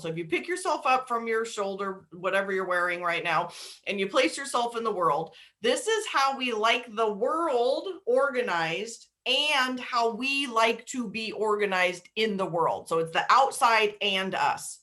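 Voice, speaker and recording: A young adult woman giving a casual webinar talk, chatty and animated with frequent fillers. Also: medium pitch, a little slow. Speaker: webinar presenter.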